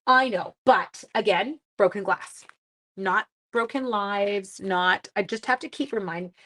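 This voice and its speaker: A middle-aged Canadian woman hosting a live stamping stream, thinking aloud as she works and greeting viewers by name. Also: mid-range voice. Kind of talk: casual live craft demo chat. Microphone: live stream mic.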